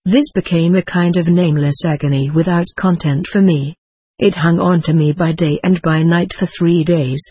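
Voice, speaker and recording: A man reading a first-person account as audiobook narration, in a steady, measured way. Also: high voice, breathy edge, no echo.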